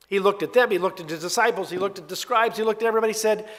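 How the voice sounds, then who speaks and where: A man preaching a sermon in an expressive, conversational storytelling way with emphatic swings. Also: high voice, rapid-fire, hardly any pauses. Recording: long hall reverb.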